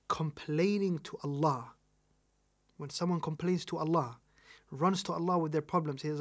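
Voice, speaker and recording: British guy teaching an islamic lesson, slightly high voice, emphatic, keeps repeating his main points. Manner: emphatic, repeats key points, asks rhetorical questions. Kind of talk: recorded religious lesson.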